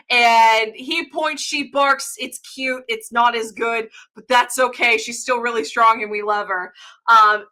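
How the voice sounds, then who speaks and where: A woman giving a profane, excitable comedic rant as a guest on an improv show. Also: high voice. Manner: profane, excitable, fast-swinging delivery.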